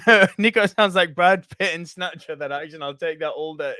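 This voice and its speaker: A man's voice: on the high side, normal speed, pushed and bright, smooth, no echo, studio quality. A man co-hosting a casual movie podcast, jokey, laughing often and swearing freely. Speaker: podcast co-host. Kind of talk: casual chat.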